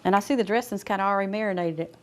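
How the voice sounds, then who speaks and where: A woman's voice: mid-range voice, very fast. A woman with an American accent co-hosting a cooking show, chatting in a homey way as she serves and tastes a salad. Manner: chatty and homey, thinking aloud while serving. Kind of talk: casual cooking show chat.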